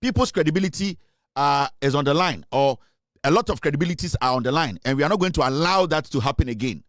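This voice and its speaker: Ghanaian guy ranting about politics, kinda high voice, super dry mic. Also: expressive, fast talker, dry recording. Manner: forceful, switching between English and Twi. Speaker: online political commentator. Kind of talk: political commentary monologue.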